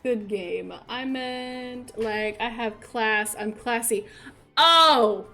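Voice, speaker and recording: Giggly high-voiced woman streamer. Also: drawn-out words, bright, forceful tone, faint music behind. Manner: giggly, laughing fits, reads chat aloud. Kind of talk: casual live-stream gameplay chat.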